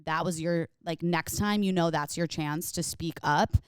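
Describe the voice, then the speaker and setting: A woman's voice: sits low, measured pace, smooth, dry recording, studio quality. A young woman hosting a podcast, chatting casually in an earnest, supportive and rambling way. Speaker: podcast host. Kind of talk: casual chat.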